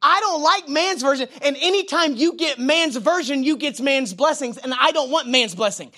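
A young male pastor with a drawl preaches with a bright, ringing edge to his voice. He shifts from loud emphatic lines down to hushed prayerful murmurs, with informal jokes and stories along the way. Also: very high voice, lively intonation, moderate pace. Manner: swings between loud emphatic preaching and quiet prayerful asides. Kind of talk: sermon.

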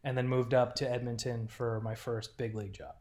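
A man in his thirties from Rochester, New York, a podcast guest talking about his career in a relaxed, rambling way with many fillers. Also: mid-range voice, fairly quick. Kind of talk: casual chat.

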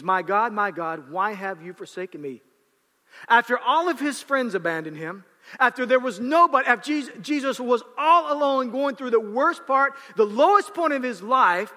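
A man preaching a sermon, swinging between raised, shouted passages and quiet, low asides. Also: in a large hall. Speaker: pastor.

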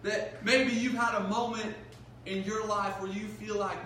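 A young man giving a sermon as a youth pastor, telling a funny school story in an animated way with lots of "like". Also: sits high, a little slow, a little hiss or hum. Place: large hall. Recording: echoey hall, mic at a distance.

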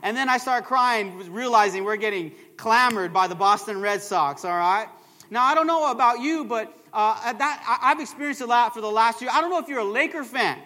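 High bright-voiced pastor in a reverberant hall. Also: male voice, normal speed. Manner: energetic, calls to the crowd with "come on, somebody" and "all right?". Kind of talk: sermon. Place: church. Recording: long church hall reverb.

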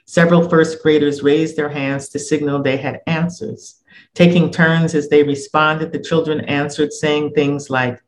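A man's voice: a little high, little pitch movement, unhurried, poor audio. Man reading a reflective essay. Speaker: narrator.

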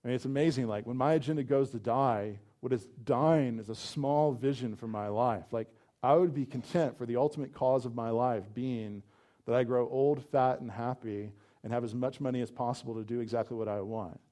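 A pastor preaches briskly in a medium-pitched voice. He talks to the room conversationally, leaning on "like" and stressing ideas with animated energy.

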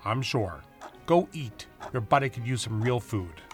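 A man voicing a brisk, caring male doctor who talks in a firm, matter-of-fact way. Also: mid-range voice, lively intonation, faint music behind, natural voice.

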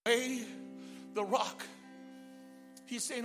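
A man preaching a sermon as pastor, calling to the congregation and swinging from shouts to hushed prayer. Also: very high-pitched, moderate pace, over music.

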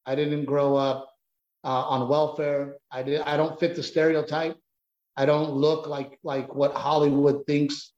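Male stand-up comic as interview guest, animated storyteller, slightly high voice, roomy and muffled recording. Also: measured pace. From United States. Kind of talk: conversational interview answer.

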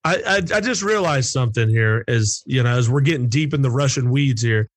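A man hosting a casual interview, his pitch swinging freely as he reacts. He mostly drops in short replies and laughs along. The sound is close and dry. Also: expressive, brisk, no echo. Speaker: interviewer, host.

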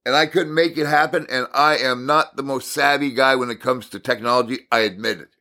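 A middle-aged man shares a devotional story in a bright, forceful voice. He swings from exasperated, emphatic bursts to low, quiet reflection, repeating key words to drive them home. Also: fairly even intonation, fairly quick. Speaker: Christian speaker. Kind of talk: personal devotional talk.

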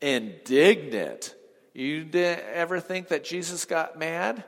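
A male pastor preaching a sermon, swinging from emphatic lines to hushed ones and quizzing the congregation. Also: fairly high pitch, fairly even intonation, unhurried, vocal fry. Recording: long reverb of a large hall.

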